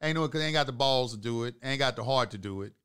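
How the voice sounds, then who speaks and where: A man hosting an online talk channel, delivering an emphatic, preachy monologue to live viewers, repeating phrases for emphasis and swinging from low asides to loud outbursts. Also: fast talker, clean tone.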